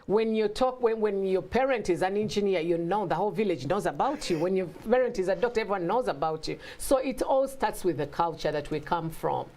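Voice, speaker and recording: A woman guest in a casual talk, telling stories with lively acted-out quotes and frequent laughter. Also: mid-range voice, fairly quick, few pauses. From Africa. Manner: animated storytelling, acts out quotes, laughs often. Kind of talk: casual conversation.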